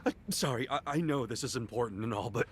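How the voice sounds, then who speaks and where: An actor playing an excitable young male gangster in a video game who blurts out his words. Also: mid-range voice, quick pace, natural voice. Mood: agitated. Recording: game audio with faint noise.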